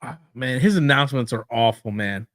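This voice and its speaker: A man co-hosting a casual wrestling podcast, blunt and profane, who mocks promoters in quick put-on voices. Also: mid-range voice, dry recording. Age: older than co-host, calls himself old school. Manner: blunt, swears freely, mocks in put-on quotes. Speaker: podcast co-host.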